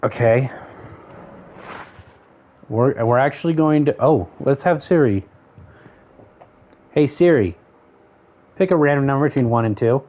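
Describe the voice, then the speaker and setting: In dull lo-fi stream audio, a man speaks in a mid-range voice, a little slowly and with long pauses. He's giving casual commentary on a game he's streaming, thinking aloud and counting off options under his breath.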